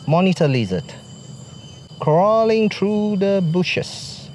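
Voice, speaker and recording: A man's voice: a little high, expressive, moderate pace, slight background noise. A man talking to his viewers while hiking outdoors, out of breath, joking and complaining as he climbs. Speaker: vlogger. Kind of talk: casual hiking vlog. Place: outdoors on a forest trail.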